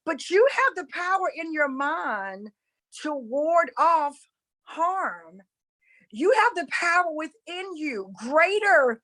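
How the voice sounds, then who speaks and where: High-voiced emphatic woman preaching. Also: lively intonation, takes it slowly, pushed and bright, low-quality recording. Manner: emphatic and repetitive, addresses listeners as y'all. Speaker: spiritual coach and former preacher. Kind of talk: impassioned preaching-style talk.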